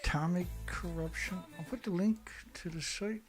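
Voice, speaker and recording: A man's voice: high voice, moderate pace, soft background music. Rambling man hosting a livestream. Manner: rambling, chatty, frequent throat-clearing, swears. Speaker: show host. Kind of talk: casual livestream commentary.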